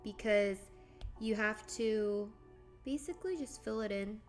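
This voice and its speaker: A woman's voice: medium pitch, measured pace, darkish tone, soft background music. A young woman live-streaming as she draws, chatting casually with viewers, giggling and thinking aloud. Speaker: livestreamer. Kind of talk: casual live-stream chat while drawing.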